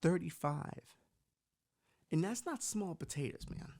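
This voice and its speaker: A man's voice: a little high, lively intonation, measured pace, vocal fry, long pauses, darkish tone. A young man from Bushwick, hosting a podcast and riffing through a profane, rambling comic rant. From Puerto Rican from Bushwick, New York. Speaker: podcast host.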